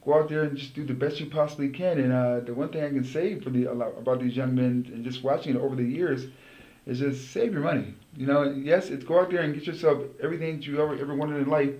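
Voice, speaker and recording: A man's voice: mid-range voice, quick pace, warm tone. A middle-aged man, a former pro football player, telling stories as an interview guest, rambling and restarting his words. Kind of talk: casual interview storytelling. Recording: roomy echo.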